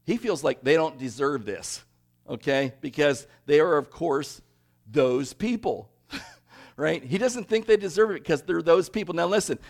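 Animated male preacher. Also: fairly high pitch. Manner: animated, conversational, asks the congregation questions. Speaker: pastor. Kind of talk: sermon.

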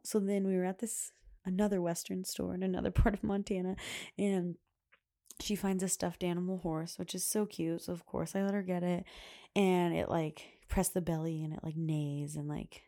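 A woman's voice: on the low side, a little fast, creaky, warm tone. A woman hosting a podcast, telling a family story in casual, rambling chat, laughing often and filling gaps with "like.". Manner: chatty, laughs often, many "like" fillers. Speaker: podcast host, mother.

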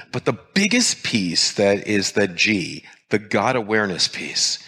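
A male pastor preaching a sermon with emphasis, repeating key phrases and slowing down to stress single words. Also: on the low side, a bit bright.

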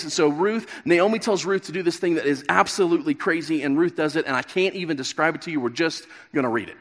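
Pastor in his thirties, high-pitched, animated storyteller, preaching in a big echoing hall. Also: fast talker, few pauses. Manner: storytelling, acts out the characters' lines. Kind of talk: sermon. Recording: long reverb of a large hall.

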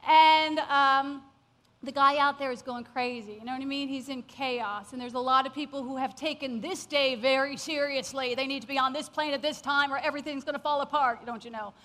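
A woman telling a personal story to an audience, animated and laughing often as she acts out what people said. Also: high voice, fairly quick.

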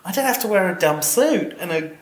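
A man's voice: high-pitched, animated, fairly quick, echoey room, a little hiss or hum, poor audio. A man co-hosting a podcast, talking in a casual, earnest and jokey way. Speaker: podcast co-host. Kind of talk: casual conversational podcast chat.

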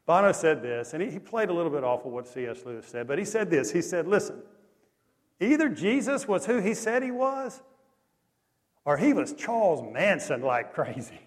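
A male pastor with a drawl delivers a sermon in a casual, storytelling way. His voice sits somewhat high, and his loudness swings from hushed to punchy. A long reverb trails every phrase, as in a large hall. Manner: animated, conversational storytelling with lively swings in loudness.

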